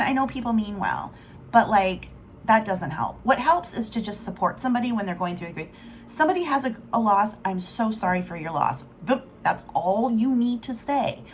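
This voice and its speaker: A woman's voice: mid-range voice, slight background noise. A middle-aged woman vlogging in a candid, rambling, emotional way. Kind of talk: casual rambling vlog talk.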